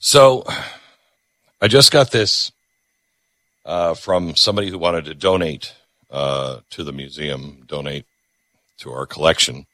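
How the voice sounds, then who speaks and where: A man hosting a radio talk show, ranting sarcastically in an animated monologue from the studio. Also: extremely low pitch, unhurried, pauses often, dry recording.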